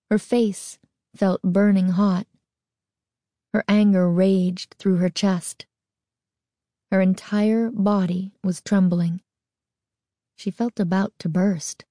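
Woman narrator for a spooky audiobook: unhurried and suspenseful, with a warm, dry close sound. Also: mid-range voice, no echo. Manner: expressive, suspenseful storytelling.

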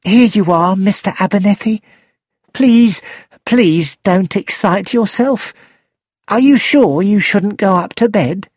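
A man's voice: sits high, takes it slowly, no room sound, clean studio sound, pitched above the performer's own voice. A man doing a fussy, anxious woman. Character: fussy, anxious middle-aged woman companion.

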